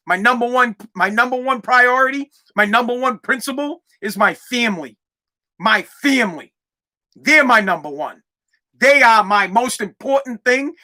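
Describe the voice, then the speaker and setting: A man with a very high, bright, forceful voice tears through a solo podcast rant. He is loud, profane and animated, pushing one point over and over. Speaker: podcast host. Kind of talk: ranting monologue.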